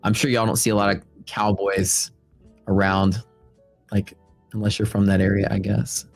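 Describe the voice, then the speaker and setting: Low-voiced Texan man, laid-back chat. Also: little pitch movement, normal speed, creaky, no echo, faint music behind. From Texas. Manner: laid-back, rambling, filler-heavy. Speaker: trading stream host. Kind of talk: casual livestream chat.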